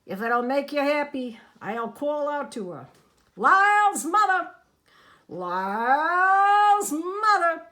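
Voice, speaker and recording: A woman's voice: high voice, expressive, unhurried, hardly any pauses. Lady putting on a singsongy showman guy, over the top and wheedling, bouncy swoopy voice. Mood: sing-song calling. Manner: sing-song, theatrical. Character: flamboyant, fast-talking male showman, wheedling.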